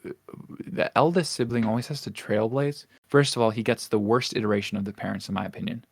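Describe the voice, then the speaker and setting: A man's voice: fairly low pitch, fast, gravelly, breathy edge, no room sound, studio quality. A young man co-hosting a podcast, talking casually and rambling with lots of fillers and restarts. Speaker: podcast co-host. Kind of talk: casual chat.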